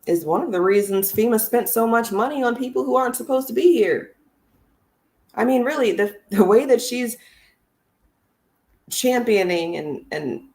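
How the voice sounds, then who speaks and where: A woman giving blunt, sarcastic, profane political commentary on a casual livestream. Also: medium pitch.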